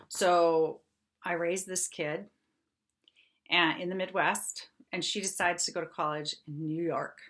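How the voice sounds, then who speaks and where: A middle-aged woman hosting a podcast, telling a personal story in a lively, chatty way, laughing often and checking in with her listeners. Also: fairly low pitch. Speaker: podcast host.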